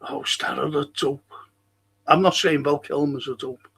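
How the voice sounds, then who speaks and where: A man's voice: a little high, steady tone, measured pace, sharp tone, breathy edge. Chatty man hosting a stream. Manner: rambling, chatty storytelling with restarts. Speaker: live stream host reading chat. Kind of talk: casual chat.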